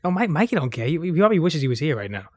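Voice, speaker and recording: A man's voice: on the high side, big pitch swings, racing, darkish tone, dry recording, clean studio sound. A man with a Boston accent chatting casually on a podcast, rambling and joking, often trailing off into filler words. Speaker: podcast co-host. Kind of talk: casual chat.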